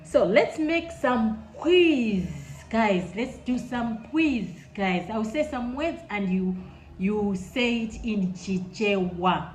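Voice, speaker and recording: A woman from Malawi with a Malawian accent, teaching a language lesson in an enthusiastic way and repeating words slowly for learners. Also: a little high, animated, a little mellow. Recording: echoey room with faint noise.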